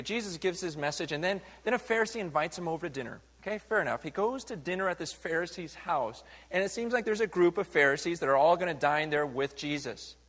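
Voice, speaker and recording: A man preaching a sermon as a pastor, emphatic and animated, acting out voices to make his point. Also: a little high. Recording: reverberant hall sound.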